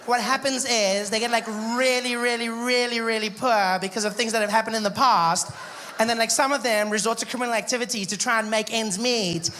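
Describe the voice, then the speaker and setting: A woman doing a stand-up routine with mock-explanatory, deadpan setups. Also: fairly high pitch, brisk, noisy background. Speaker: stand-up comedian.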